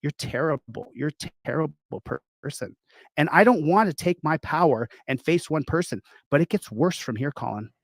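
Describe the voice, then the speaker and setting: A man's voice: on the high side, lively intonation, normal speed, no echo. A man ranting indignantly on a stream, accusing and threatening someone. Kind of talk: angry live-stream rant.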